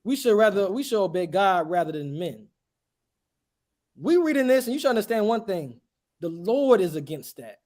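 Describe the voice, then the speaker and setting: Animated man preaching with rhetorical questions. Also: high voice, normal speed. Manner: emphatic, questioning, with rhetorical call-and-response. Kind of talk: street sermon.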